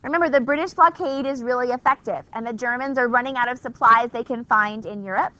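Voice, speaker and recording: A woman's voice: a little high, quick pace, pushed and bright. Chatty, wry woman teaching history. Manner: chatty, wry, conversational with rhetorical questions. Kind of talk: classroom lecture. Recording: dull lo-fi classroom recording.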